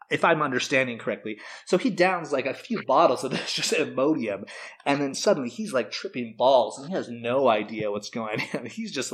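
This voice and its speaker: A man's voice: mid-range voice, fairly bright tone. A man co-hosting a podcast, telling a long crude joke in casual chat, rambling with fillers and frequent laughs. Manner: rambling storyteller, laughs often, filler-heavy. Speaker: podcast co-host.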